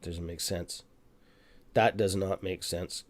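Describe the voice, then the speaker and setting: A man hosting a live stock-trading stream who talks excitedly as he buys shares, then mutters and swears at his trading app. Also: deep voice, slow, slight background noise. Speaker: stock trading livestream host. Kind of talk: live market commentary.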